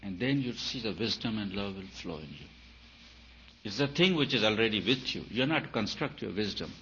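A man giving a spiritual talk, emphatic and repetitive, his voice swelling and dropping in loudness. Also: on the low side, expressive, brisk. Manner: emphatic, repeats phrases, rises and falls in loudness. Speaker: spiritual teacher. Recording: dull lo-fi recording with faint hiss.

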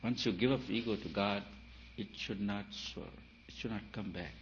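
A man, a spiritual teacher, giving an emphatic talk full of rhetorical questions, swinging between loud and soft. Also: lowish voice, moderate pace. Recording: dull lo-fi recording with faint hiss.

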